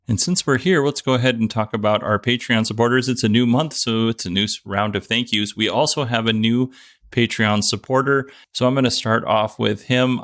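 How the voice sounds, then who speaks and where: Giggly low-voiced man with gravelly fry. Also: no echo, studio quality. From United States. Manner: giggly, breaking into laughter. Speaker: podcast host. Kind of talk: casual solo podcast talk.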